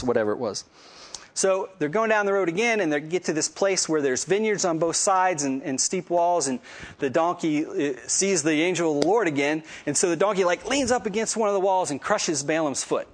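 A man teaching a casual Bible lesson, retelling the story conversationally with many fillers and lively storytelling. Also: on the high side, fairly quick.

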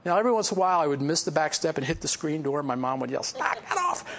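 A man's voice: on the high side, rapid-fire. A male pastor giving a casual, story-filled sermon, teaching from a Bible passage with folksy asides and chuckles. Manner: conversational, folksy, laughs at own stories. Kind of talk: sermon with personal stories.

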